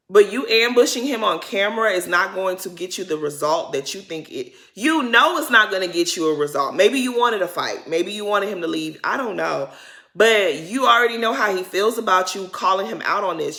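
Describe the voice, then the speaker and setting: A woman's voice: mid-range voice, fairly bright tone. Woman vlogger, casual recap, sassy and exasperated, talks back at the cast. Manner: sassy, exasperated, talks straight at the people on the show; chatty, loose grammar with lots of "y'all". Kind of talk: casual episode recap and commentary.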